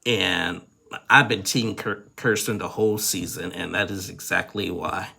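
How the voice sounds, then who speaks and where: A man's voice: deep voice, fairly even intonation, a little slow, vocal fry, bright, forceful tone, husky. A man casually recapping a reality show, rambling with lots of fillers and giving frank opinions.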